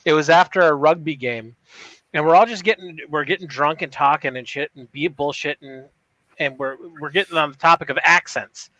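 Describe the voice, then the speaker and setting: A man's voice: on the high side, a little fast, sharp tone, no echo, low-quality recording. A man from Michigan's Upper Peninsula co-hosting a podcast, telling stories casually with lots of swearing and restarted sentences. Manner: storytelling, profane, restarts sentences. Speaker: podcast co-host. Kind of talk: casual chat.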